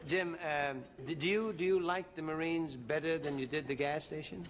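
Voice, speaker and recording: A man's voice: a little high, moderate pace. A man hosting a variety show, bantering in a comedy sketch with a stammering, mock-earnest delivery. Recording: noisy old TV broadcast.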